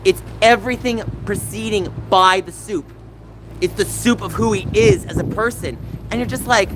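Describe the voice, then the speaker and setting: A man's voice: sits high, a little fast. A man hosting a casual livestream from outdoors, chatting back to viewers and rambling between stories. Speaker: livestream host. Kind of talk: casual chat with live chat. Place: outdoors on a city street. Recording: noisy outdoor street recording.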